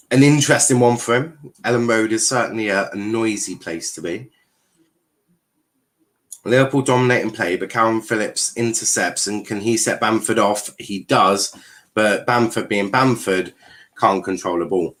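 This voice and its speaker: Deep-voiced man doing casual match commentary. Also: a bit bright. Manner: casual, joking and sweary, with frequent fillers. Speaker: host. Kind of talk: live football watchalong commentary.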